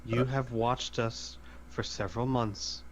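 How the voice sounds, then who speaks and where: Calm man playing a tabletop hero. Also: medium pitch, takes it slowly, highs cut off, slight background noise. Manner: calm, reasoning. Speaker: player. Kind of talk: in-character tabletop play.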